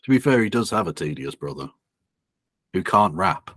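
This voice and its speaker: A man's voice: deep voice, sing-song, normal speed, a bit bright, no room sound, studio quality. A man co-hosting a casual livestream and reacting to clips, sweary and sardonic. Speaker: streamer reacting to a video.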